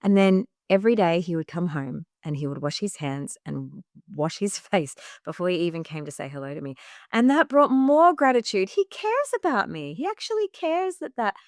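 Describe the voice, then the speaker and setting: A woman's voice: fairly low pitch, sing-song, normal speed, no room sound. Earnest woman coach, dry close sound. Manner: earnest, acts out her own past remarks in quotes; frequent "like" fillers. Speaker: podcast guest, women's health coach. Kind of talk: personal storytelling in a podcast interview.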